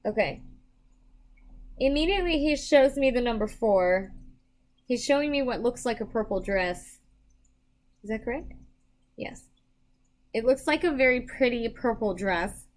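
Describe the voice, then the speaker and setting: A young adult woman giving psychic readings on a live stream, chatting casually with viewers, emotional and quick to laugh. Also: fairly high pitch, expressive. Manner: emotional, chatty, laughs often, self-deprecating.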